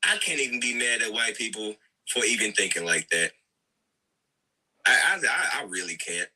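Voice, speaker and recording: A man's voice: on the low side, lively intonation, moderate pace, pushed and bright, husky, rough recording. A man co-hosting a livestream reaction, talking earnestly and lecturing, often repeating himself. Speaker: co-host. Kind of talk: casual reaction commentary.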